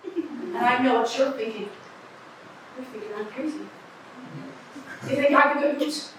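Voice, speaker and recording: A young woman acting on stage as an eccentric street bag lady who talks about aliens, with a raspy voice and a rambling, confiding manner. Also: high-pitched, a little slow, background noise. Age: teenager. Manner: rambling, confiding, pointing out the audience. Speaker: student actor. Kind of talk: stage monologue. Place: camp theater stage. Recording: echoey hall from far off.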